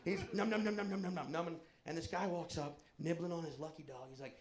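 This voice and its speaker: A man doing stand-up, telling a crude, animated story and shouting the punchlines. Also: on the high side, fast, hardly any pauses. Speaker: stand-up comedian. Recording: echoey room, faint background noise.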